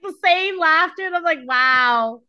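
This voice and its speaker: A woman's voice: fairly high pitch, very animated, moderate pace, muffled recording. A woman co-hosting a podcast in casual chat, chatty and storytelling, acting out what people say. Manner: chatty, storytelling, acts out quotes. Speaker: podcast co-host.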